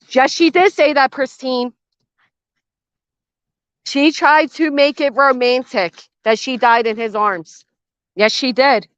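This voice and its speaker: Standing by a garden fence outdoors, an older woman hosts a reaction commentary channel, blunt and sarcastic with plenty of swearing. She has a high, slightly bright voice with no echo, captured in dull, dry lo-fi sound.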